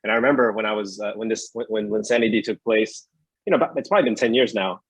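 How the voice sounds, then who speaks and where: A man in his thirties from New York talks casually as a guest, circling back and repeating words as he finds his point. His voice is a little husky, and the recording is close and dry with no room sound. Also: on the low side, fast talker, dry recording, rough recording. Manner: hesitant, repeats words while searching for thoughts. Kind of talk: casual podcast chat.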